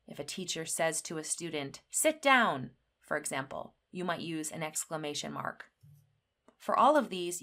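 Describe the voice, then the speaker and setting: With a voice that sits low, a woman explains English grammar slowly and clearly. She brings energetic emphasis to the example sentences she reads.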